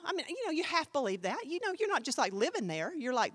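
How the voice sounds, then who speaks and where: A woman pastor teaching a class, telling a story in an animated, emphatic, chatty way full of fillers. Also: high voice, quick pace, no echo.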